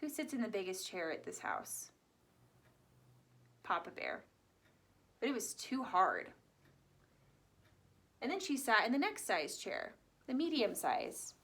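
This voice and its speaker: A woman telling a fairy tale to children, animated and asking her young listeners questions. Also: mid-range voice, a little slow, long pauses. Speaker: children's storyteller. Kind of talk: reading a story aloud to children.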